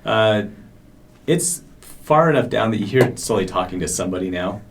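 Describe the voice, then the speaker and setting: Game master, man, low voice, halting narration, faint store ambience. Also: expressive, slight background noise. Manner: hesitant, lots of ums and uhs.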